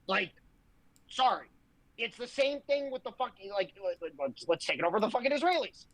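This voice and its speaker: A woman's voice: medium pitch, animated, fairly quick, rough recording. A woman, a podcast co-host, ranting in heated, profane political talk full of sarcasm.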